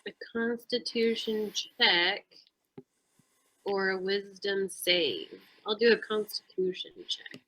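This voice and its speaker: A woman's voice: mid-range voice, slow, bright, forceful tone, low-quality recording. A woman playing a tabletop game, hesitant and giggly as she decides her moves. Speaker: player.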